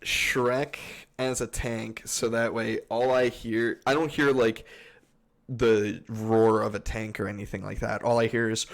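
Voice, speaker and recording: A man co-hosting a casual gaming podcast, telling animated stories and laughing often. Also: fairly low pitch, a little slow, vocal fry. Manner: animated storyteller, laughs often, shouts meme quotes. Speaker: podcast co-host.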